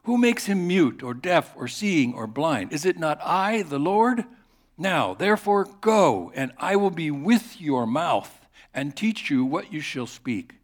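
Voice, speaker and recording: A man's voice: a little high, sing-song, a little slow, pitched above the performer's own voice. A man voicing a stern, commanding divine figure who speaks emphatically. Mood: rebuking.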